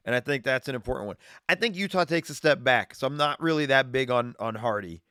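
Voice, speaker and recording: A man's voice: mid-range voice, fast, sharp tone, clear, resonant tone, no room sound, studio quality. A man hosting a live streamed sports show from his garage, talking betting picks in a loose, rambling way, often restarting his sentences. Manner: rambling, self-correcting, chatty. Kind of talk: casual sports betting talk. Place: home garage with wood paneling. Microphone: streaming setup, green screen.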